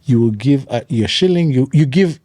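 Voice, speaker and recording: Man, pastor and author, earnest storyteller, repeats phrases, warm tone, dry sound. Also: medium pitch, lively intonation, moderate pace, dry recording. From Kenya. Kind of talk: conversational storytelling.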